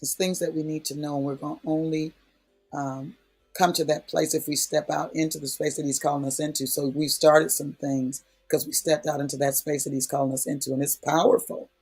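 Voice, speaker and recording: A man with a husky, slightly breathy voice pitched a little high preaches in a relaxed, conversational way. He leans on repetition and punchy emphasis to drive each point home. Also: a little fast, faint music behind. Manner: folksy, emphatic, repeats key phrases. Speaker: prayer speaker. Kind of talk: conversational preaching in a prayer session.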